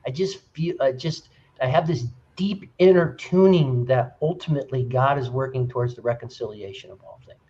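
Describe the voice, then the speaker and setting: A man in an earnest group discussion, retelling stories with animated, rising emphasis. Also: mid-range voice, normal speed, slightly rough, muffled recording. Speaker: discussion participant. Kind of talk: casual discussion.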